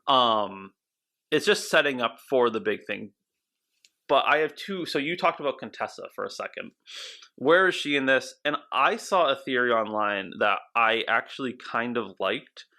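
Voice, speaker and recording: A man with a mid-range, bright voice co-hosts a podcast. He spins fan theories in an animated, rambling way, restarting his sentences as ideas tumble out. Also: medium pitch, moderate pace. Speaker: podcast co-host. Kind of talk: casual podcast chat.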